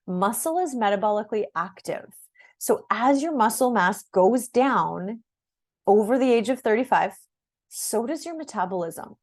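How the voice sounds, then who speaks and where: Chatty middle-aged woman fitness coach. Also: medium pitch. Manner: conversational, repeats words, asks "right?" and "okay?" often. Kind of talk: direct-to-camera program overview.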